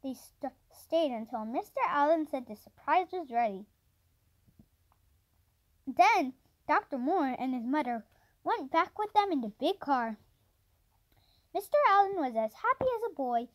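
A woman reading a children's story aloud, unhurried, with small slips and restarts. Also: high voice, expressive. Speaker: audiobook reader.

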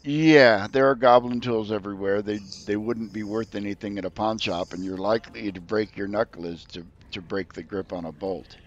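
A man's voice: on the low side, fairly even intonation, normal speed, hardly any pauses. A man running a tabletop game as game master, narrating in a rambling, easygoing way. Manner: rambling, easygoing, with many fillers. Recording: dull lo-fi sound in a dry room.

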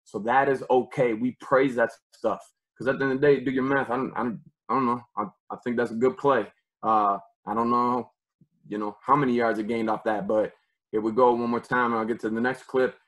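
A man, a football defensive coach, giving an energetic online clinic presentation over a video call, repeating words in excited bursts. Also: medium pitch, a little fast.

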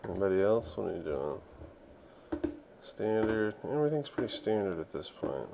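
A young man gives casual, excitable commentary on his own strategy game, muttering to himself as he plays. His voice sits low with a gravelly edge and bounces up and down a lot. A faint hiss stays behind him throughout. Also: normal speed. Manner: excitable, talks to himself while playing. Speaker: gaming channel host.

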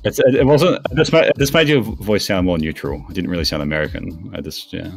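Deep male esports caster, chatty and teasing, faint music bed. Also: gravelly. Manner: chatty, teasing banter, quick bursts of excitement on plays. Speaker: esports commentator. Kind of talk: casual esports commentary.

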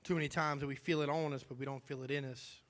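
A man's voice: mid-range voice, fairly even intonation, fast. A male pastor preaching a sermon in a church, emphatic and repeating his key phrases. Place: church sanctuary. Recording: long church hall reverb.

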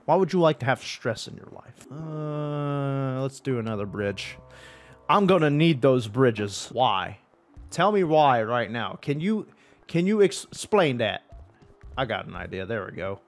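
A man's voice: mid-range voice, animated, measured pace, soft background music. A young man giving profane, exasperated commentary while playing a video game, talking at the game. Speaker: gaming YouTuber. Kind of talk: frustrated gameplay commentary.

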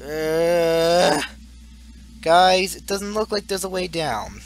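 A man's voice: a little high, slow, faint music behind. A young man giving rambling, goofy Let's Play commentary as a gaming YouTuber, laughing at his own jokes.

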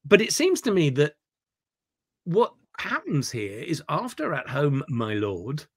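A man leading an online acting workshop. He is animated and digressive, repeating words when he gets excited, heard over a video call. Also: on the high side, measured pace, slightly rough. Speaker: theatre director leading a workshop.

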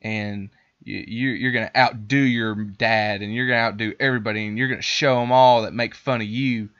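A man's voice: fairly low pitch, steady tone, brisk, fairly bright tone, muffled recording. A man voicing a seductive evil female spirit trapped in a magic book, coaxing and sinister.

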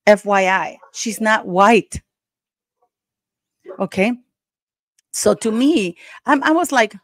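A woman's voice: medium pitch, expressive, takes it slowly, pauses often, a bit bright, dry recording, clean studio sound. A woman hosting her own channel, giving heated, emphatic commentary and speaking straight to her viewers as "guys". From Canada. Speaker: YouTube channel host.

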